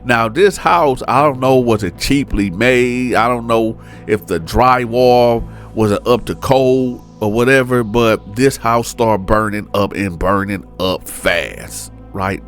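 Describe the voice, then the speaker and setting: A man tells a true-crime story in loose, colloquial slang at a mid pitch, tossing in "right?" as he goes. He sounds animated and conversational. Soft music plays faintly behind him. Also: takes it slowly, few pauses.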